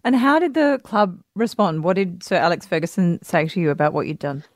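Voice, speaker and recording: Low-voiced female radio co-host. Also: brisk, no echo, clean studio sound. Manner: clear scripted introduction. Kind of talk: radio interview.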